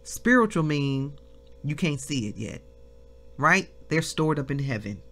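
Slow, lively-voiced woman preaching. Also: sits low. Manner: reads scripture slowly, breaks into shouts of praise. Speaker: minister. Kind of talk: devotional Bible teaching.

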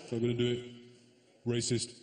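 A man's voice: medium pitch, monotone, brisk. A man performing a stand-up comedy routine live on stage, crude and cheeky, who often slips into mock accents. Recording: echoey comedy venue with audience noise.

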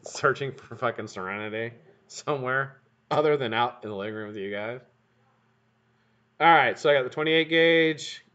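In a dull, lo-fi live stream, a man works on vape coils at his bench at home, chatting casually, swearing freely, and joking with his viewers. His medium-pitched voice sounds bright and forceful, at a normal speed.

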